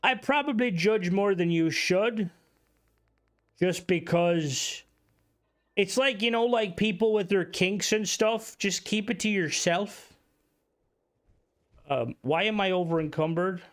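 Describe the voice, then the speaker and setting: This live streamer has a high-pitched voice and talks slowly, leaving long pauses. He chats casually with his viewers while playing a video game, swearing freely and reacting aloud to the on-screen events.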